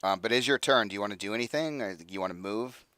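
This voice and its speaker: Guy dm-ing a tabletop game, smooth clear voice, lots of ums and likes, dry close mic. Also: on the low side, very fast, pushed and bright, no room sound. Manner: loose, filler-heavy narration with many ums and likes. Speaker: dungeon master.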